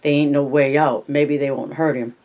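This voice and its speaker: A man voicing a hardened ranch worker in a read-aloud story, with plain rough dialect speech. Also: fairly high pitch, flat delivery, normal speed, darkish tone, lightly acted. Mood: urgent.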